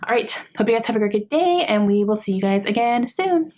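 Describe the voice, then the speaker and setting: A woman's voice: a little high, animated, a little fast, a little mellow. A young adult woman giving a casual, gushing book review as a vlogger, chatty with many fillers.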